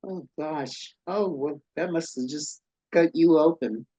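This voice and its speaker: A woman's voice: low voice, slow, warm tone, slightly rough, no room sound. A woman interviewer who offers short, sympathetic responses as she listens. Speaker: oral history interviewer.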